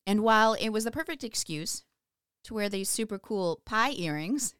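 A woman's voice: mid-range voice, lively intonation, moderate pace, a bit bright, clear, resonant tone, no echo, studio quality. A woman co-hosting a casual podcast, chatty and laughing often, with many fillers. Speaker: podcast co-host. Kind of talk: casual chat.

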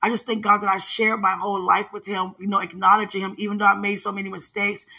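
A woman's voice: medium pitch, flat delivery, quick pace, sharp tone, breathy edge. A woman sharing a religious testimony in a fervent, rambling way, with many restarts and fillers. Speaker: speaker sharing a spiritual testimony.

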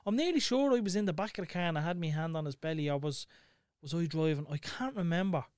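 A young man with a Dublin accent tells a story in casual, profane chat, his voice sitting fairly high for a man. He keeps the telling animated, and the sound is close and dry with no room around it. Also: fast talker, smooth, no echo. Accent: Dublin Irish. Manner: swearing, animated retelling.

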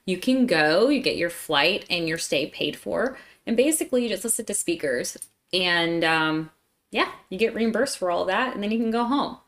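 A young woman from Pennsylvania, a guest telling a story in a casual interview, animated and quick to laugh, acting out what people said. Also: lowish voice. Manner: animated, acts out dialogue, laughs often.

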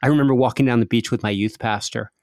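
Male host, wry storyteller, mid pitch, dry close recording. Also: fairly even intonation, fast talker, a little mellow, no echo. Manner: wry, storytelling, self-mocking. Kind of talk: casual chat.

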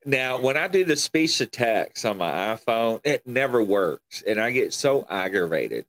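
Man, Kentucky country accent, podcast host, animated storyteller, lively pitch swings. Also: a little slow. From Kentucky, USA. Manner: animated storyteller, chuckles often. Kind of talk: casual interview chat.

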